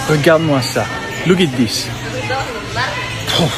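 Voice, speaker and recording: A man from France with a French accent, vlogging outdoors in a wry, deadpan way. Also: a little high, measured pace, pauses often, poor audio. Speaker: visitor vlogger. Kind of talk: casual vlog to camera. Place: outdoors in town. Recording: outdoor clip with loud music.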